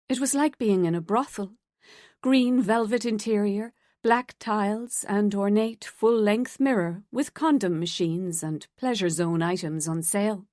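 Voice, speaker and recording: A woman reads a suspense novel aloud in a steady, mid-pitched voice. The recording is close and very dry. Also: no room sound. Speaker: audiobook narrator. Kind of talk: scripted narration.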